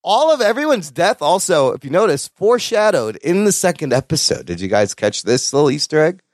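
Casting note: animated male podcast co-host, higher-pitched, very dry sound. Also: a little fast, no echo. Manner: animated, excitable, swears often, jumps around in pitch. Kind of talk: casual chat.

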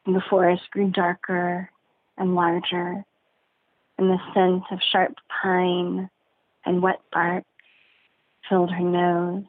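A woman telling a folk story in a slow, deliberate way, dwelling on sensory detail. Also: on the low side, monotone, no room sound. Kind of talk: told folk story, guided narration. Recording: narrow phone-like sound, dry.

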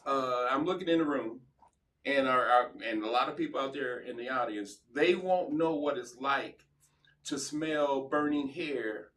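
A man's voice: mid-range voice, unhurried, a bit bright. Reflective man, voice set back from the mic. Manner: affirming, reflective, restarts his sentences. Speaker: guest, former pro football player. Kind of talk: casual conversational interview. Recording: voice sounds distant from the mic.

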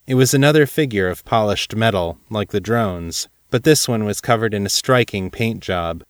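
A man reading scripted fiction aloud as narrator, in a measured storytelling manner. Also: lowish voice, no echo, studio quality.

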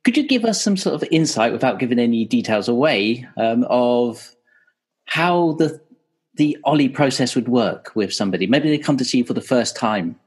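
A man hosts a podcast interview, his voice a little husky. He is easygoing and affirming, laughing easily as he asks his guest questions. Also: medium pitch, lively intonation, moderate pace, a little mellow. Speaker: podcast host.

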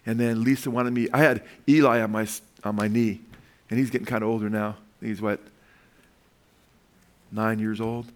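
A man's voice: lowish voice, little pitch movement, moderate pace, long pauses. An older man, a pastor, preaching a sermon built around family stories, chuckling often and calling out for amens. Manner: calls out for amens from the congregation. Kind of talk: sermon with personal anecdotes.

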